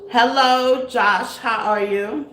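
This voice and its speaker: A woman with a fairly high voice hosts a casual live stream and talks slowly and unhurried. She calls her viewers baby and honey. The room is echoey, with a faint hiss behind her. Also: steady tone. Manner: warm greetings to viewers, affectionate terms like baby and honey. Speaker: tarot reader hosting a live stream.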